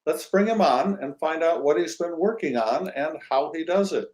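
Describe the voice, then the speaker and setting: A man hosting an interview show, who speaks in a friendly, unhurried way with hesitant fillers. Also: fairly high pitch, animated, darkish tone, poor audio. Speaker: host.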